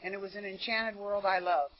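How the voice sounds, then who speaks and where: At a meeting, an American woman gives an earnest recovery testimony in a conversational way, often saying "you know." Her mid-range voice is fairly quick with fairly even intonation, and the sound is a dull lo-fi meeting-room tape.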